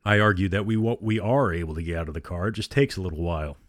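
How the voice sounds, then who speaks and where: A man reading the part of an easygoing, jokey teenage boy who tells his tale deadpan, in a storybook reading. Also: deep voice, fast, no room sound, studio quality, natural voice.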